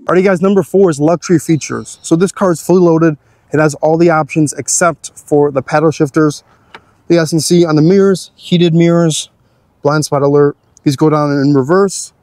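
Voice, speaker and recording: A man's voice: a little high, fairly even intonation, moderate pace, a little mellow, no echo. A young man hosting a car channel, giving an easygoing, chatty walkthrough of his car's features.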